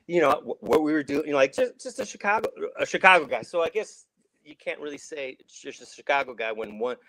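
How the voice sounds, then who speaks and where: A man's voice: fairly high pitch, animated, fast, a bit bright, no room sound, poor audio. A middle-aged man from Saint Louis, an actor guest telling rambling stories with many restarts and acted-out quotes. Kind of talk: casual storytelling.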